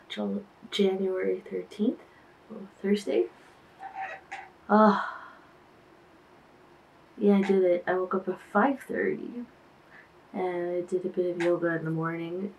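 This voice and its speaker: Weary woman, artist manager, unhurried diary-vlog chat, sighs and trailing thoughts, mic at a slight distance. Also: on the low side, a little hiss or hum. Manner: sighing, trailing off, musing aloud. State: tired.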